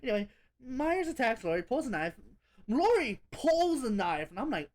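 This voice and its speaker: A woman's voice: mid-range voice, very animated, normal speed. A woman talking through a horror movie review in a loose, casual way. She rambles and restarts, laughs often and swears freely as she picks apart the film.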